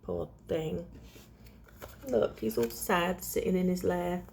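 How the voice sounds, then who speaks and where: Slow creaky woman reading to kids. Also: fairly low pitch, slight background noise. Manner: gentle, chatty asides to children. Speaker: storyteller host. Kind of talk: children's storybook reading.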